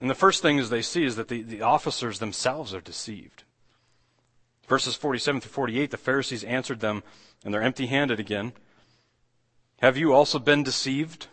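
A man's voice: mid-range voice, fairly quick, fairly bright tone. Pastor man preaching in a reverberant hall. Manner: conversational, many restarts, acts out quoted lines. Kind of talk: sermon.

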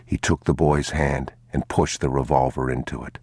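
Male audiobook narrator, grave and measured, husky, dry close sound. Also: very deep voice, level tone, darkish tone, no echo.

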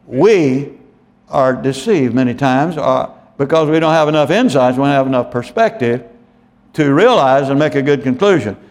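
A man's voice: medium pitch, expressive, moderate pace. A man preaching a sermon, reading scripture aloud with emphasis and explaining it, often adding "you see" and correcting himself. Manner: frequent tag questions and self-corrections. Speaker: pastor.

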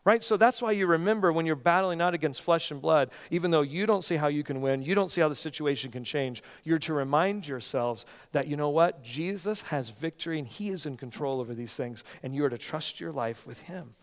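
A male pastor preaching with fervor, pushing up to loud peaks before dropping to a gentle, earnest hush. His voice sits a little high for a man. The sound carries the long reverb of a large hall. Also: expressive, fairly quick. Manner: impassioned, rising to near-shouting peaks, then dropping to soft earnest tones. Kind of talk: sermon.

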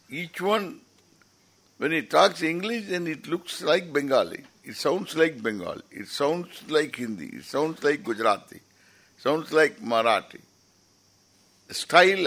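A man's voice: medium pitch, a bit bright. A man giving an informal, rambling lecture as a teacher at a scripture camp, often restarting his sentences. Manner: rambling, explanatory, with frequent restarts.

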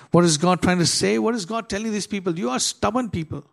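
Preaching with forceful, climbing intensity, the pastor throws rhetorical questions at the crowd and reads scripture slowly and deliberately. He has a creaky voice pitched a bit above most men's, and his intonation stays fairly even.

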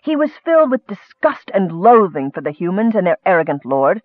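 A man's voice: sits high, big pitch swings, a little fast, dry recording. A man narrating an audiobook, with scholarly asides addressed to a superior, heard through a thin, phone-like recording.

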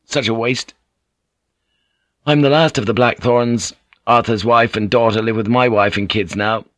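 A man's voice: medium pitch, steady tone, measured pace, a bit bright, dry recording, natural voice. A man reading an audiobook, voicing an earnest, plain-spoken English sea captain who is serious and weary.

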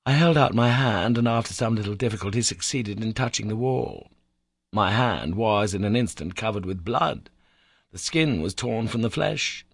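A man's voice: lowish voice, lively intonation, normal speed, breathy edge, no echo, studio quality. A man reading a classic adventure novel aloud as first-person narration, telling it with dramatic emphasis. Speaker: audiobook reader.

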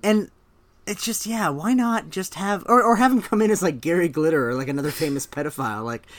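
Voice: mid-range voice, fairly quick. A podcast co-host chatting casually, rambling and laughing while reviewing a sketch. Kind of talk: casual comedy review chat.

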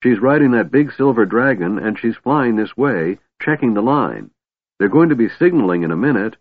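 A man voicing an excitable young male kender in a high, squeaky, chattering way, for a storybook reading. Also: a little slow, breathy edge, full character voice. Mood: excited. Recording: tinny phone-like dry sound.

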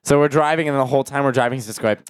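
A male comedian co-hosting a casual comedy podcast, telling stories in an animated way and acting out the other people in them. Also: mid-range voice, racing, smooth, no room sound, studio quality. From Mexican heritage. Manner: animated storyteller, acts out quoted voices. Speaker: comedian co-host.

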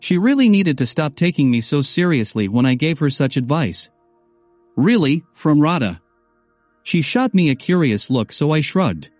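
A man reads a first-person story with a wry, conversational delivery and a voice on the higher side. The sound is dry and close, with soft music under him. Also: sing-song, moderate pace, few pauses, no room sound. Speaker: narrator. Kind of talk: first-person audiobook narration.

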